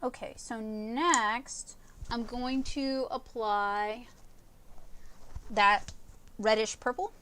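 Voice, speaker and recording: A woman teaching watercolor painting on a livestream, talking casually and in halting phrases while she paints. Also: a little high, steady tone, a bit bright. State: talking with a candy in her mouth. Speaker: art instructor.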